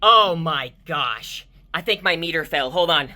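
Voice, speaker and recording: A woman vlogging car audio tests from inside a car, excitable and exclaiming to her viewers as she talks through the results. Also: low-pitched, measured pace. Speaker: car audio enthusiast testing subwoofers. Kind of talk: excited vlog commentary.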